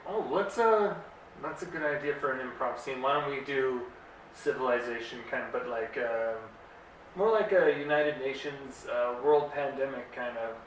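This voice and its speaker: A man's voice: mid-range voice, normal speed. Teasing young man in a very echoey room. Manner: playful, teasing, loosely jokey. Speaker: podcast co-host. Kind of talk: casual comedy podcast chat. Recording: very echoey room, distant mic, faint hiss.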